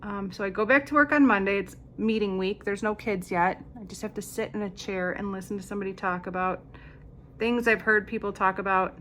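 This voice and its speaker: A makeup vlogger in her fifties chats casually during a get-ready-with-me session, rambling through stories with dry, sarcastic asides. Her medium-pitched voice is fairly quick and fairly bright, with slight background noise.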